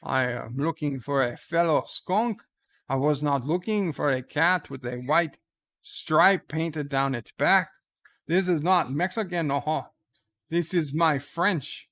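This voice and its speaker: A man's voice: a little high, fairly bright tone. A man doing a lovesick cartoon skunk, hammy French. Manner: slow, hammy put-on French accent.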